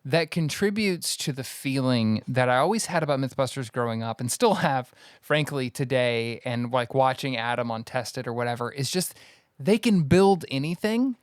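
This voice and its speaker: A man's voice: mid-range voice, animated, normal speed, smooth, no room sound, studio quality. A man co-hosting a podcast, rambling in casual chat with lots of fillers and restarts. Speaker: podcast co-host.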